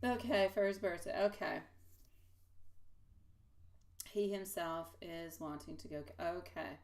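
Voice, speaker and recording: A woman hosting a live tarot reading, chatting affectionately with viewers, using pet names and laughing often. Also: lowish voice. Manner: laughs often, quick asides. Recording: voice a bit distant from the mic.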